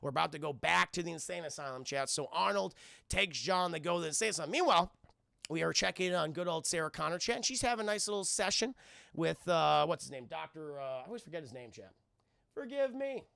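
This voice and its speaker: A man's voice: fairly high pitch, fast, gravelly, pushed and bright, dry recording, studio quality. A young man streaming a casual, profane, rambling film recap who keeps talking to his chat. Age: young adult.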